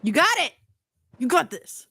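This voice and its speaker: High, lively woman hosting a chat show. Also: measured pace, vocal fry, dry recording. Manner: joking, laughs often, crude humor. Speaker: podcast host. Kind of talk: casual chat.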